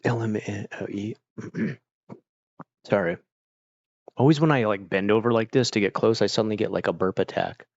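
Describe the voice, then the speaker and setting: Rambling low-voiced man with hiccups. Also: moderate pace, long pauses, dry recording, lo-fi sound. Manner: rambling, full of "like" fillers. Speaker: streamer chatting with viewers. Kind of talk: casual chat.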